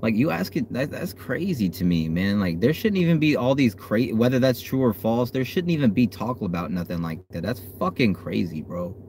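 A man hosting a fan livestream, chatting casually and cursing, swinging from low muttering to loud hype. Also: lively intonation, moderate pace, hardly any pauses, a little hiss or hum. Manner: hyped, profane, swings from low mutter to yelling. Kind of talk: casual live stream chat. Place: outdoors.

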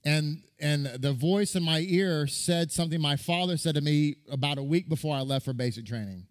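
A male rabbi giving a sermon, telling stories in a lively, conversational way with frequent restarts. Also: a little high, moderate pace. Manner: animated storytelling with restarts and acted quotes.

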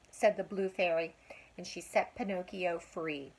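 An older woman, a grandmother, reading a children's story aloud with expressive, drawn-out emphasis and asides to a child. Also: lowish voice, breathy edge, rough recording.

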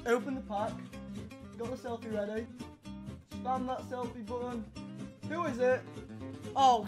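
A young man commentating a video game pack opening, excitable and loud, shouting and laughing at the reveals, with music playing behind him. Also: extremely high pitch. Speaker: gaming YouTuber. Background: background music.

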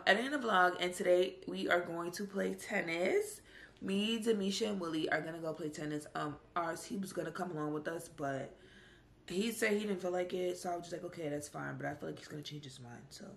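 A woman's voice: lowish voice, vocal fry, fairly bright tone, roomy sound. A young woman talking casually to camera in a home vlog, chatty and rambling with lots of "like"s. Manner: chatty, rambling, slangy with many "like"s. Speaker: vlogger.

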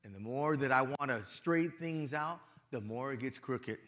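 A middle-aged male pastor giving a sermon in a casual, conversational way, with his volume swinging from loud to hushed. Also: mid-range voice, moderate pace. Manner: casual, conversational, peppered with "you know".

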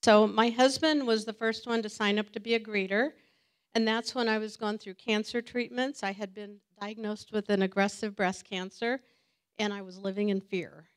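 A woman's voice: medium pitch, steady tone, normal speed. A woman sharing a personal testimony at a church gathering, talking earnestly and emotionally and laughing now and then. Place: church meeting room with audience.

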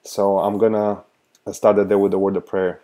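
Streamer-pastor, male, mellow tone, chatty, quick laughs, shout-outs to chat. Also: deep voice, flat delivery. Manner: upbeat, greets viewers by name, laughs often; shifts into an earnest prayer. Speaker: livestream host and pastor. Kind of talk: casual livestream chat.

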